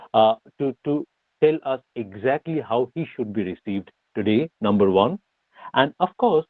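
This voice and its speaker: A man's voice: medium pitch, no room sound. Man lecturing over tinny call audio. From India. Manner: rhetorical questions, frequent uh fillers and restarts. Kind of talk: academic online lecture. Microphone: video call.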